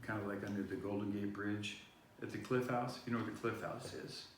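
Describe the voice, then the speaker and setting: A man's voice: lowish voice, steady tone, brisk. A man hosting a vlog, telling a long personal story in a meandering way, full of restarts and fillers. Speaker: vlog host. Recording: echoey room, far-off mic, faint noise.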